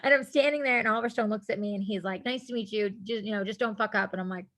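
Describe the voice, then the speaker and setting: A woman guest on a podcast, telling a story in casual chat, animated, laughing often and acting out what people said. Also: medium pitch, fast. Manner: animated, laughing, acts out quotes, casual swearing.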